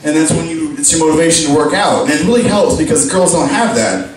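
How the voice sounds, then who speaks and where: A man's voice: on the high side, fast talker. A young man doing a stand-up comedy set at a live pub show, rambling with lots of fillers and crude jokes. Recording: very echoey pub room, distant mic. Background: audience laughing.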